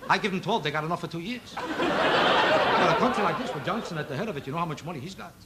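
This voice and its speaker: A man doing a stand-up routine on a TV variety show, needling an audience member with quick rhetorical questions. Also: fairly high pitch, expressive, over a noisy crowd. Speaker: stand-up comedian. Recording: loud noise on an old TV broadcast recording.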